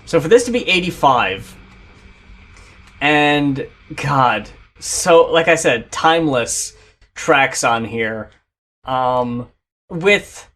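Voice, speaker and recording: A man's voice: mid-range voice, lively intonation, very slow, pauses often, bright, forceful tone. A man co-hosting a casual album review, emphatic and profane, gushing about songs. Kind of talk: casual chat.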